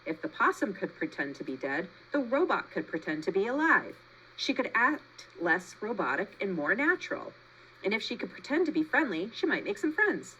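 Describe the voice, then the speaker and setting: A woman teacher reading a children's novel aloud to her class. Her narration is expressive, with lively rises and falls in pitch. A faint noise sits under the recording. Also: moderate pace, lo-fi sound. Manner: expressive storytelling. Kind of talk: children's book read-aloud.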